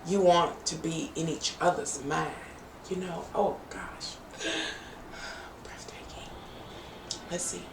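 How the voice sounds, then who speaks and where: A woman's voice: deep voice, fairly even intonation, takes it slowly, creaky, long pauses, whispered. A middle-aged woman, giving a playful, bawdy live-stream tarot reading and bantering with her viewers. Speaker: tarot reader. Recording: roomy, distant home mic with faint background hum.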